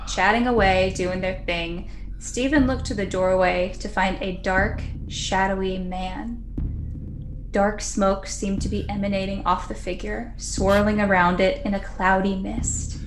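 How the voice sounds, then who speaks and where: Woman storyteller, casual podcast delivery, middle pitch, light noise floor. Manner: chatty, laughs often, acts out quotes.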